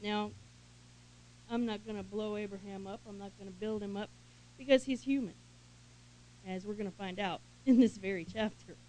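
A woman's voice: mid-range voice, warm tone, a little hiss or hum, rough recording. Woman teaching the Bible casually. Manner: reads scripture aloud emphatically, then comments in casual asides with small laughs. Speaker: Bible study leader. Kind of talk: conversational Bible teaching with scripture reading.

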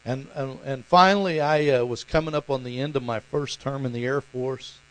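A man's voice: mid-range voice, normal speed, poor audio. A middle-aged man preaching a sermon, telling stories in a folksy way with chuckles and fillers. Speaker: pastor.

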